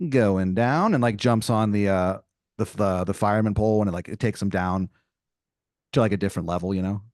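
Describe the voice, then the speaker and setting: A man's voice: on the low side, fairly even intonation, quick pace, darkish tone, dry recording, clean studio sound. A man hosting a podcast, improvising a comedic scenario in a rambling style full of "like" and "you know.".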